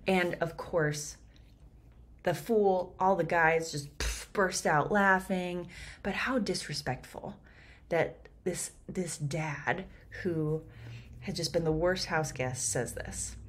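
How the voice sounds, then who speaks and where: Lower-voiced woman, chatty explainer. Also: slow pace. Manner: lively, chatty, breaks into laughs. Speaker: actor teaching Shakespeare. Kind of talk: explaining a scene line by line.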